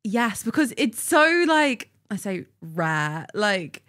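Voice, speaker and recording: A young woman in easy, giggly conversation, her voice sitting at an ordinary middle pitch. She talks in quick bursts with lots of asides and laughter, relaxed and unscripted. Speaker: podcast guest. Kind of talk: casual chat.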